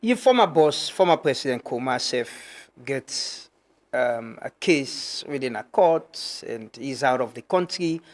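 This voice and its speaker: Sierra Leonean host asking probing questions. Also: male voice, medium pitch, animated, unhurried. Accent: Sierra Leonean, Krio. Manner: probing questions, short backchannels. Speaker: talk show host. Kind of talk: interviewing a guest.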